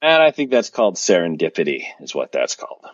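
Male podcast host, low and lively, dry sarcasm, muffled lo-fi recording. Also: fast talker, slight background noise. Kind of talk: casual comedic chat. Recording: dull lo-fi sound.

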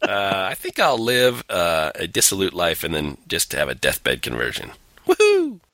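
A man's voice: deep voice, lively intonation, moderate pace, vocal fry, bright, forceful tone, no room sound. A man co-hosting a casual talk show, sardonic and profane, reading scripture aloud in mock-dramatic tones. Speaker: podcast co-host.

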